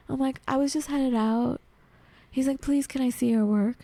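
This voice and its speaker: Gravelly-voiced woman telling a story. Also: high-pitched, normal speed, dry recording. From United States. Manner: animated, acts out quoted voices, frequent "like". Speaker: podcast guest. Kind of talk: conversational storytelling.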